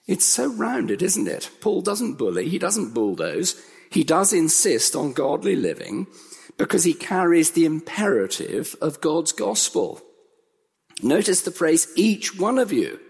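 Male preacher, unhurried, emphatic sermon delivery, reverberant hall. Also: fairly high pitch, sing-song, vocal fry, darkish tone, breathy edge. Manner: earnest, emphatic, building repetition.

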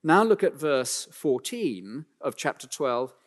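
A man preaching a sermon, speaking emphatically and slowing down to read scripture aloud, in a church. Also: medium pitch, very animated. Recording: long hall reverb.

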